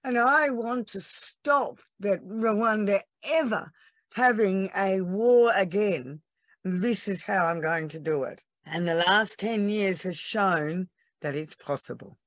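A woman speaks slowly and earnestly, pausing often as she tells her story. She sounds teary and moved. Her voice is dry and close, with no room around it. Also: mid-range voice, dry recording. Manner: earnest and emotional, slow storytelling with pauses. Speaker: laughter yoga trainer, podcast guest. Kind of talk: podcast interview.

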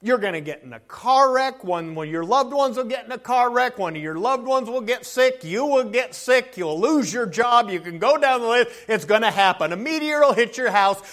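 Male pastor, sermon delivery, very high pitch, earnest, repeats himself. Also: expressive, moderate pace, hardly any pauses, fairly bright tone. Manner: earnest preaching, often restarts and repeats words.

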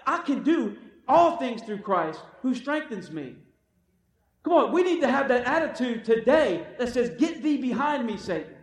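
Speaking at a moderate pace in a very high, highly animated voice, a male preacher delivers a sermon, calling out "come on" again and again to his congregation and dramatizing the quotes he recounts. It was recorded from a distance in a room full of echo.

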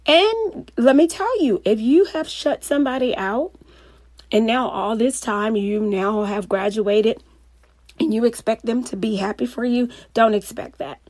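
A woman coach giving a motivational talk, telling stories in a lively, anecdotal way and laughing often. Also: fairly high pitch, dry recording.

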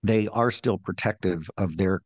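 A man's voice: low voice, moderate pace, dry recording. A man co-hosting a casual podcast, chatting wryly with frequent ums. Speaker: podcast co-host. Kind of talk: casual chat.

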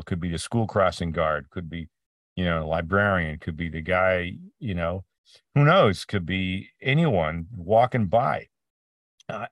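In a casual interview about his voice acting work, a deep-voiced man tells stories full of restarts and impersonates the people he quotes. The studio sound is clean and echo-free, but the mic is distant.

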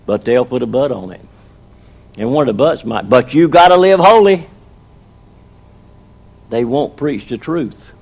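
A man delivers a sermon in an earnest, conversational way. His voice sits a little high for a man and has a gravelly, creaky edge. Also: darkish tone. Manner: earnest, conversational preaching with acted quotes. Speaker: preacher. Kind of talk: sermon testimony.

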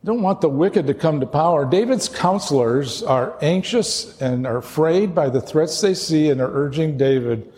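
A man's voice: on the high side, animated, moderate pace, few pauses, a little mellow, in a large hall. A man preaching a sermon as pastor, earnest and emphatic.

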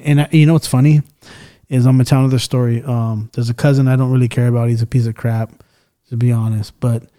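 A man's voice: mid-range voice, little pitch movement, fast, warm tone. A man hosting a podcast in casual chat, loose and swearing often as he tells stories and acts out the people in them. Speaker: podcast host.

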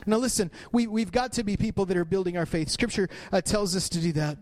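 A middle-aged man preaching a sermon as pastor, repeating phrases for emphasis and rising in pitch at his peaks. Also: quick pace, darkish tone.

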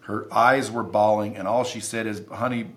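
A man's voice: fairly low pitch, steady tone, moderate pace. A man who is a podcast guest, telling stories in an emphatic, intense way and swearing freely. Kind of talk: casual interview storytelling.

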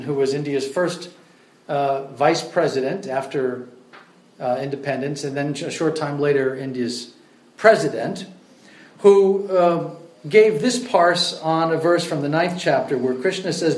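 Male lecturer, slightly high voice, chatty storytelling delivery, room echo. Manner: conversational, many fillers, storytelling. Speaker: religious lecturer. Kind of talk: lecture on scripture. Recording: roomy echo.

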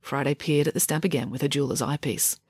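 A woman reading a children's novel aloud with lively expression. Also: fast, slightly rough, no room sound, clean studio sound. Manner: lively, voices dialogue with big pitch swings. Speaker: audiobook reader.

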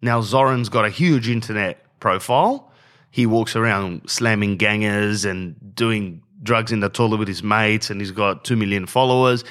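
Ranting man, slightly low voice. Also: moderate pace, a bit bright. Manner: blunt, slangy, keeps saying "bro". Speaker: podcast host. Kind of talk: casual rant.

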